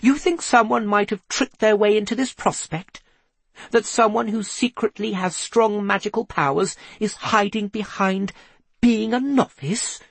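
A man reading aloud, voicing a composed, thoughtful woman investigator in an earnest, measured way. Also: sits high, gravelly, no echo, pitched above the performer's own voice, heavily acted.

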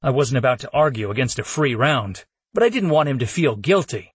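Husky male audiobook narrator. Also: medium pitch, sing-song, brisk, few pauses, no echo. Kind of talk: first-person fantasy narration.

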